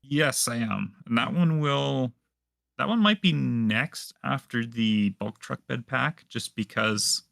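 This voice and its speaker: Canadian-raised guy, gravelly and lowish, easygoing answers with lots of ums. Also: no echo, clean studio sound. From Manitoba, Canada. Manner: relaxed, hesitant with fillers. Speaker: guest modder. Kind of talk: casual interview answers.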